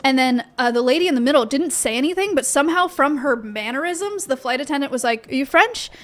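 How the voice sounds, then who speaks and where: A woman's voice: high voice, lively intonation, quick pace. A young woman streaming from her home office, chatting with her viewers in a rambling way full of fillers and restarts. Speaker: livestreamer. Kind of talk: casual chat with stream chat.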